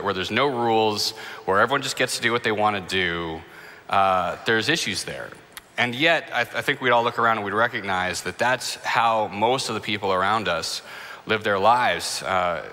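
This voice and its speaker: A man's voice: fairly low pitch, bright, forceful tone. A young adult man preaching a sermon in a church, in a conversational, lightly humorous way. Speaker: pastor. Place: church sanctuary. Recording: long reverb of a large hall.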